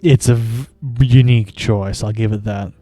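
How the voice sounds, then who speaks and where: A man's voice: fairly low pitch, fairly even intonation, moderate pace, warm tone, no room sound, soft background music. A man streaming a video game, giving casual, wry commentary with frequent chuckles. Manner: wry, amused, chuckles often.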